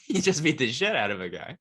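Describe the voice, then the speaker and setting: A man's voice: medium pitch, bright, forceful tone. A man hosting an advice podcast, chatting casually and joking, laughing often. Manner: laughs often, jokey and upbeat. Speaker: podcast host.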